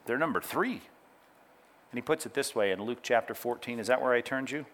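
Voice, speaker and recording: A middle-aged pastor, mid-range in pitch and a little fast, preaches with energy. Along the way he dramatizes quotes and tells people taking notes to jot down references.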